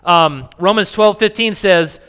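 Bright-voiced pastor in an echoey hall. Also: male voice, sits high, measured pace, smooth. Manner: conversational, joking with the congregation. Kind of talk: sermon.

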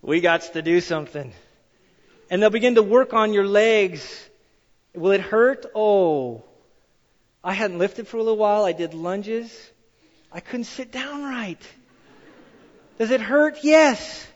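A man preaching a sermon in a church hall, telling stories with animated, acted-out quotes. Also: high voice, unhurried. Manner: animated storytelling, acts out quoted voices. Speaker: pastor. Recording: dull sound in a hall with long reverb.

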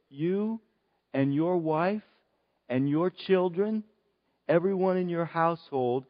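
Earnest male pastor, slightly high voice, dull lo-fi sermon recording. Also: in a large hall. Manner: slow, earnest preaching with long pauses. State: choked up with emotion. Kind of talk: sermon at a baptism service.

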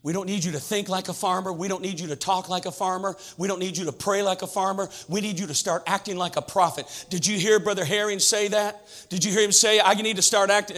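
A man's voice: high voice, a bit bright. A man preaching a sermon in a church, using a repetitive cadence and rhetorical questions. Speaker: pastor. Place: church sanctuary.

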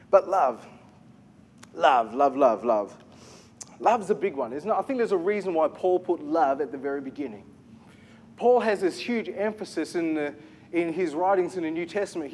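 Man, pastor, sermon, high-pitched, animated, rhetorical questions, faint background noise.

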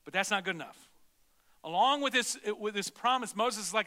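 A middle-aged man preaching a sermon as pastor, animated, swinging between loud exclamations and soft, low asides. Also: normal speed. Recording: long reverb of a large hall.

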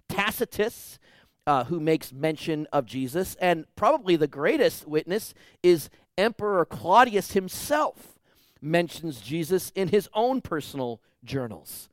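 A man preaching a sermon as pastor, emphatic, swinging between loud declarations and hushed, quiet lines. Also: a little high, no echo, studio quality.

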